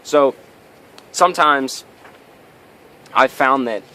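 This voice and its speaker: A man's voice: mid-range voice, extremely slow, pushed and bright, a little hiss or hum. A man giving a motivational vlog talk, telling a story and often checking in with tag questions. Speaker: vlogger.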